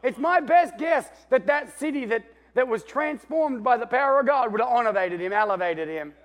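A man preaching a sermon, telling the story with animation and swinging between loud and hushed while calling out for amens. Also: extremely high pitch, expressive, moderate pace. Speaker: pastor.

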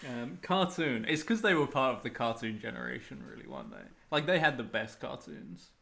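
A man's voice: medium pitch, big pitch swings, brisk, gravelly, a bit bright. A young adult man co-hosting a podcast, teasing and dry in casual chat as he reads out figures. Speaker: podcast co-host.

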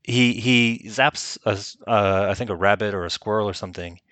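A man's voice: on the low side, moderate pace, a bit bright, no room sound. A man co-hosting a casual chat, recapping a film in rambling stretches full of fillers. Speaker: podcast co-host.

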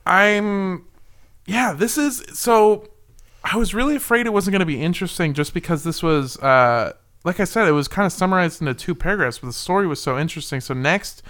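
A man's voice: high voice, a little fast, fairly bright tone. A man hosting a casual podcast, telling a story, reading quotes aloud and laughing easily. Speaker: podcast host.

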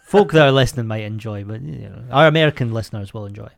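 A man's voice: fairly low pitch, quick pace, gravelly. A man co-hosting a podcast, chatting casually in a blunt, sweary way with frequent laughs. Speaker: podcast co-host. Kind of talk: casual chat.

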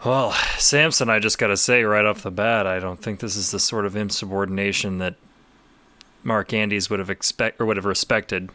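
A man's voice: lowish voice, fairly even intonation, moderate pace, bright, forceful tone. A man running a tabletop role-playing game as game master, easygoing and a little hesitant.

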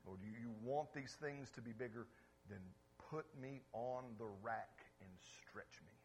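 A man's voice: medium pitch, unhurried, a little hiss or hum. A man preaching a sermon as pastor, emphatic and often checking in with his listeners. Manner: emphatic, asks the congregation questions.

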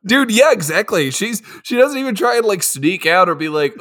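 A man co-hosting a podcast, joking loudly, laughing often and acting out silly voices. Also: high-pitched, moderate pace, hardly any pauses. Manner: animated, laughs a lot, does silly voices. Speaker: podcast co-host. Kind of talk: casual comedic chat.

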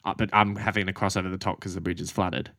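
An Australian man co-hosting a podcast, telling a story in casual chat, animated and swearing freely as he acts out what people said. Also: low voice, fast talker, no room sound, studio quality. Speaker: podcast co-host and running coach.

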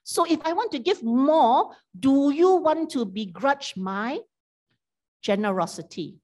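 A woman voicing a gentle, generous male vineyard owner who reasons lovingly with his workers. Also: sits high, animated, slow, voice pushed up.

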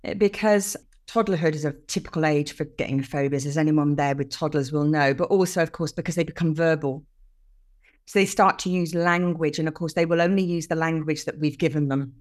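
An older woman, a podcast guest explaining things earnestly with lively emphasis in casual conversation. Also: low voice, fairly quick.

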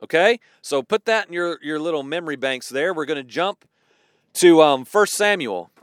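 Male pastor, middle-aged, high and expressive voice, dry close sound, chatty animated sermon. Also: moderate pace, clear, resonant tone, dry recording. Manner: animated, conversational preaching with asides and acted-out quotes.

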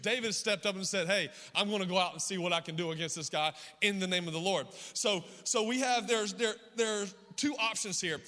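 Hoarse, high-voiced preacher man. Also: pushed and bright, in a large hall. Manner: rhythmic preaching with call-outs to the congregation. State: hoarse, voice worn from yelling. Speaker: pastor. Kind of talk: sermon.

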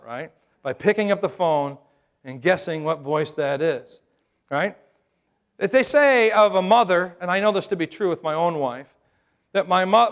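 A man's voice: a little high, a bit bright. A middle-aged man preaching a sermon as pastor, humorous and conversational, often checking in with the crowd by asking "right?".

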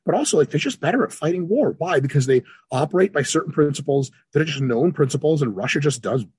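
A man guest on a podcast, an exercise scientist talking casually and profanely, animated, swearing freely and acting out characters. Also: on the high side, fast talker, breathy edge, no room sound.

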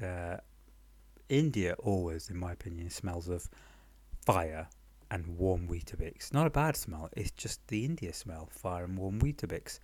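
Deadpan low-voiced man. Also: dry recording. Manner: dry, deadpan, understated. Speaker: storyteller. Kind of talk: comic monologue storytelling. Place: home apartment.

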